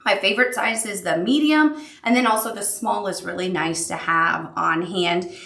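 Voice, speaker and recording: A woman's voice: mid-range voice, normal speed, vocal fry, fairly bright tone, roomy sound. A woman teaching a sewing machine appliqué tutorial, upbeat and encouraging as she talks the viewer through each step. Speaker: quilting instructor.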